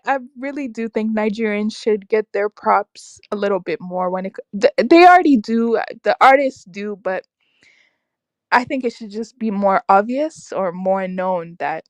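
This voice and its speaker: A young woman hosting a casual livestream, reacting aloud to her chat with lively, exclamatory talk. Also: mid-range voice, unhurried, no echo. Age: young adult. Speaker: livestream host reading chat. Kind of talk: casual live-stream chat.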